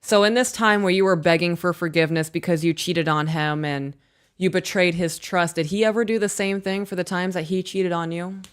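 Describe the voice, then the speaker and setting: Woman host reading emails on a live stream, low smooth voice, blunt and sweary. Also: fairly even intonation, brisk. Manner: blunt, frank, swears casually.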